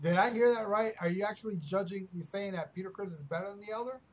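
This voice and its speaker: A man's voice: high voice, fast. A man hosting a podcast, teasing his co-host crudely and rambling with lots of fillers. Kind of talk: casual podcast banter.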